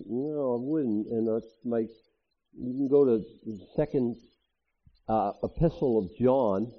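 A man's voice: medium pitch, a little slow, slightly rough. A man who is a pastor, preaching a sermon in a conversational way with frequent asides. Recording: dull lo-fi audio.

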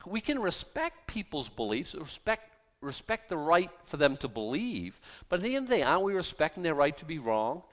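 A man's voice: a little high, big pitch swings, fairly quick, fairly bright tone. A man preaching a sermon, emphatic and sarcastic, firing rhetorical questions at the congregation. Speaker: pastor.

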